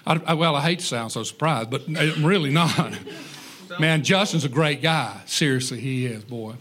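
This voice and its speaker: A man delivers a sermon in a high, bright voice. He talks in a folksy, conversational way and drops joking asides to his congregation. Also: moderate pace. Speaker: preacher. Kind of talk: sermon on parenting.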